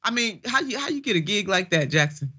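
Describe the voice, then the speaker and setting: A woman's voice: mid-range voice, big pitch swings, a little fast, sharp tone, breathy edge, muffled recording. A woman hosting a political commentary show, talking in an emphatic, folksy, preacher-like way. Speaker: show host.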